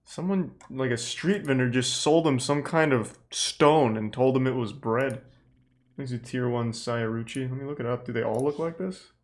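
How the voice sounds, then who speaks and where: Here a man at a moderate pace, mid-range in pitch, provides casual livestream commentary on a video. His take is sarcastic, incredulous and laced with swearing, and he also reads out thanks to his subscribers.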